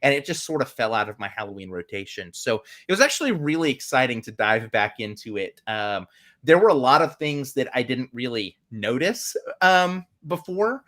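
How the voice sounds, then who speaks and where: Man, mid-pitch, bright tone, casual rambling film chat over a video call. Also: sing-song, normal speed. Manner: rambling, many fillers. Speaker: podcast co-host.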